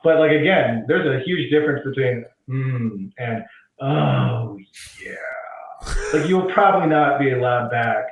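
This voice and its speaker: A man appearing as a guest on a comedy podcast, musing out loud and pausing to hunt for words. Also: mid-range voice. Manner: hesitant, searches for words. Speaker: guest filmmaker. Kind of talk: casual comedic chat. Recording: distant, roomy, muffled remote audio with hiss.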